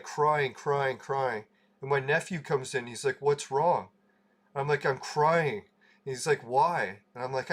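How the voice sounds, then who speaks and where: A man hosting a casual livestream, telling a rambling story, laughing and swearing freely. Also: mid-range voice. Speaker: livestream host.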